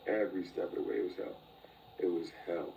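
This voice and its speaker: Deep gravelly man, subdued. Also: steady tone, fast, distant mic, lo-fi sound, slight background noise. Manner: low-key, reflective, drops to near-whispers. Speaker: interview guest. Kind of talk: candid personal storytelling.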